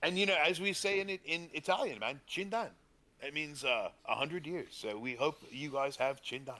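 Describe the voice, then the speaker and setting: A man's voice: a little high, moderate pace, sharp tone. A man playing a laid-back talk show co-host in a role-play game, casually chatting and tagging his lines with easygoing slang. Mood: laid-back banter.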